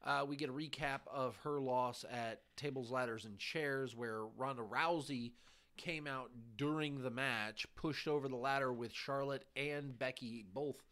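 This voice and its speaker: A man hosting a podcast, giving a casual recap of a televised show in a halting way, pausing between short phrases. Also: mid-range voice, steady tone, a bit bright. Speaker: podcast host.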